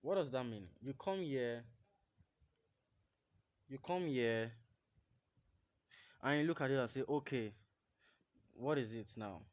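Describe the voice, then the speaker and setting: A man's voice: mid-range voice, slow, pauses often, dry recording, muffled recording. A man coaching viewers through a trading tutorial, repeating points emphatically and checking they understand. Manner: repetitive, emphatic, instructive, often asks "you understand?". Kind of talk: screen-share trading tutorial.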